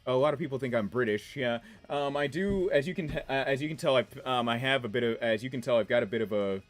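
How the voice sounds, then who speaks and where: Fast-talking and mid-range in pitch, this man in his twenties from around Washington DC has an accent that mixes DC-area and New York sounds. He rambles chattily and laughs often while reading chat on a casual gameplay livestream.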